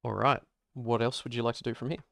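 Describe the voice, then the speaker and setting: A man running a tabletop game as game master, narrating in a relaxed, easygoing way with filler words. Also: mid-range voice, quick pace, creaky.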